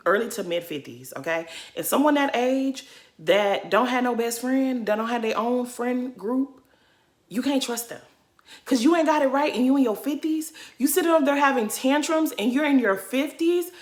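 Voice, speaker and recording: A woman's voice: mid-range voice, sharp tone. A woman giving an emphatic, indignant commentary rant, hammering her points home by repeating them. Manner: acts out quotes in mocking voices. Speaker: reality TV commentary vlogger. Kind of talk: casual ranting commentary.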